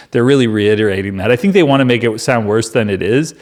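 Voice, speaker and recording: A man's voice: fairly low pitch, fairly quick, a little mellow. A man reading scripture aloud and breaking off into joking, sarcastic commentary. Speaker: Bible reader and commentator. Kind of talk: casual Bible reading with commentary.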